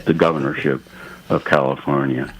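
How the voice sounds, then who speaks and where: A man calling a radio show, earnest and a little aggrieved, speaking haltingly. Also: rumbling low, flat delivery, a crowd in the background, low-quality recording. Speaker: caller.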